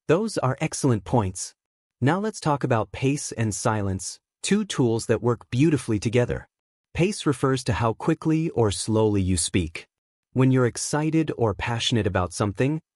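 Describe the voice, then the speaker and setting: Guy explaining stuff on a learning podcast, clear and measured, dead dry audio. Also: medium pitch, a little mellow, no room sound. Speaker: podcast co-host. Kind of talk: scripted teaching talk.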